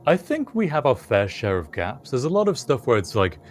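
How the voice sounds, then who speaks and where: A man's voice: mid-range voice, huge pitch swings, fairly quick. A British man co-hosting a podcast, musing through a casual chat. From United Kingdom. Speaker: podcast co-host.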